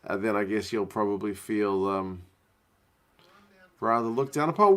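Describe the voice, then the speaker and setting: Chatty man, lowish voice. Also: expressive, a little slow, pauses often. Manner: chatty, answers viewer questions aloud. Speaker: livestream host. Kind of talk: casual live watch-along commentary. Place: home living room.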